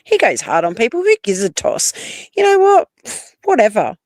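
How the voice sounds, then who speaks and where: A woman's voice: on the high side, wildly swooping pitch, moderate pace, a little mellow, no echo, clean studio sound. A woman co-hosting a livestream, chatting casually with lots of laughs and rambling asides. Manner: giggly, rambling, slangy. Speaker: livestream co-host. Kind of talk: casual chat.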